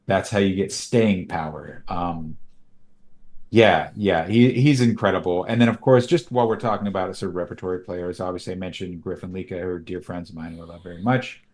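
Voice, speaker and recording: A man with a fairly low voice talks through studio stories in a loose, chatty way. He laughs often and jumps way up in pitch whenever he quotes someone. The delivery is animated and unscripted. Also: moderate pace, roomy sound. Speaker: animation creator and voice actor, guest. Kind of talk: casual interview chat.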